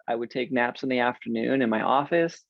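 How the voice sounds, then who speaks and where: A man's voice: medium pitch, a little fast, gravelly, dry recording, highs cut off. A man in his forties, an interview guest, candidly telling a self-deprecating personal story in a casual way. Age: 40s.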